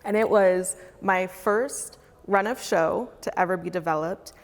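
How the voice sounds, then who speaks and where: A woman with a lowish voice, a foundation fellow, chats casually at a roundtable at a measured pace, with a long reverb tail in the audio. She's an animated storyteller who acts out her past self while recounting stories.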